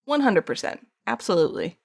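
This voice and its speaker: A woman's voice: medium pitch, very animated, brisk, creaky, slightly rough, no echo, studio quality. A young woman chatting casually with her viewers while streaming art from home. She rambles, pokes fun at herself and laughs often. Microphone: streaming microphone.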